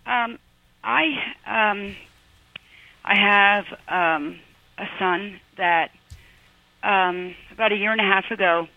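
Caller, female, hesitant and emotional, gravelly edge, tinny phone line, dry. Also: medium pitch, slow, long pauses. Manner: hesitant, many ums, emotional. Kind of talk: phone-in call to advice show.

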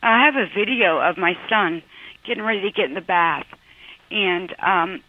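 A woman's voice: mid-range voice, moderate pace, slight background noise. Woman caller on a tinny phone line. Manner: hesitant, many ums, emotional. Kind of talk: phone-in call to advice show.

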